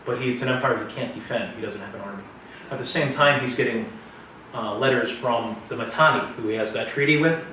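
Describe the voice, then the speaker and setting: A man's voice: mid-range voice, brisk, pushed and bright, slight background noise. A man teaching a Bible history class in a casual, chatty way, wandering into joking asides while the class asks questions. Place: classroom with a live audience. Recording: echoey room, distant, dull sound.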